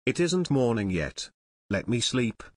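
A man's voice: mid-range voice, big pitch swings, measured pace, dry recording. A man reading an audiobook voices a sleepy, easygoing teenage boy. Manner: drowsy, easygoing.

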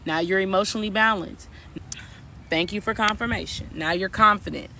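A man's voice: high voice, normal speed, vocal fry, bright, forceful tone, a little hiss or hum. A man working as a spiritual coach, giving a casual, preachy reading to viewers and repeating his points. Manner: preachy, repetitive, addresses viewers as y'all.

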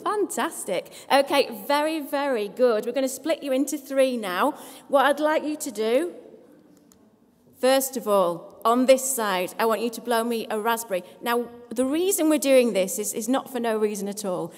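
A speech therapist from England takes a seated audience through posture, breath and sound work during a live voice workshop. She keeps things brisk and upbeat with a dash of self-deprecating wit, her fairly high voice resounding in a hall with lengthy reverb.

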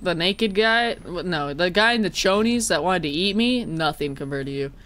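A woman's voice: fairly low pitch, a bit bright. A woman streaming a horror game in casual chat, jokey and swearing, breaking into mock-dramatic wailing.

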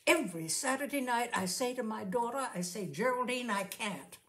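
A woman's voice: a little high, expressive, normal speed, pitched above the performer's own voice, close to an everyday voice. Woman putting on a grumbling older washroom attendant. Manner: complaining, puffing and moaning.

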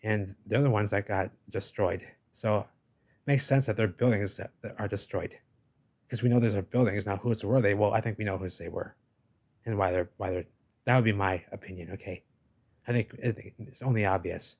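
A man's voice: lowish voice, normal speed, a little mellow, breathy edge. A man narrating over pictures in a rambling way, often tacking on "baby" and "give me a break," and he says he is losing his voice. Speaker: video host.

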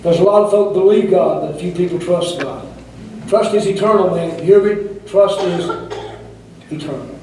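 A man's voice: high-pitched, moderate pace, warm tone, a little hiss or hum. An older male pastor preaching a sermon in a church, with rhythmic, fiery delivery and repeated calls to the congregation. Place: church sanctuary. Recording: echoey distant room recording.

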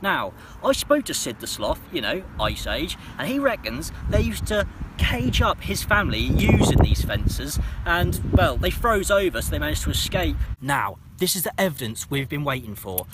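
A man, co-host of a metal detecting vlog, telling mock-excited silly stories out in a field. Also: fairly high pitch, normal speed, background noise. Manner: lively mock-excited storytelling. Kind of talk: jokey banter. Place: open field outdoors.

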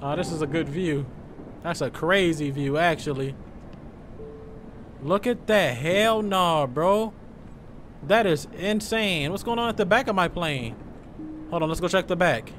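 A young man giving joking, loud let's-play commentary, full of slang as he reacts to the game. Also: fairly high pitch, unhurried, pauses often, slight background noise. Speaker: gaming streamer.

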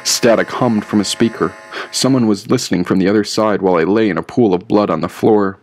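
A man's voice: lowish voice, fairly quick, slight background noise. A man reading his own audiobook aloud in a grim, rhythmic first-person telling. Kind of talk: audiobook narration.

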